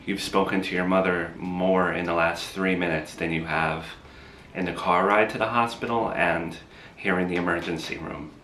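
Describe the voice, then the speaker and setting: This is a young wife who keeps her voice down and pleads her case, played by a man. The voice is low-pitched and quiet. It carries an echoey room sound with faint noise. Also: steady tone, normal speed. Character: defensive, tired young wife.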